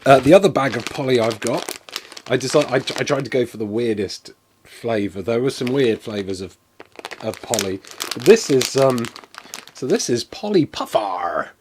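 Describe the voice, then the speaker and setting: A man's voice: medium pitch, expressive, moderate pace, noisy background. Englishman streaming live, loose and self-deprecating, lots of fillers. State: coughing, something went down the wrong way. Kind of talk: casual live-stream taste test.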